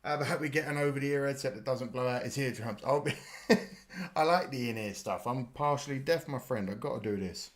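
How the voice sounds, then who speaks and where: A man's voice: medium pitch, brisk. Chatty British man swearing casually. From United Kingdom. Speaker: live-stream host. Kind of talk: casual live reaction chat.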